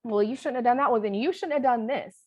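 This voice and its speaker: A woman's voice: fairly high pitch, quick pace, voice pushed up, lightly acted. A woman putting on a scolding, judgmental parent voice. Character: judgmental scolding authority figure.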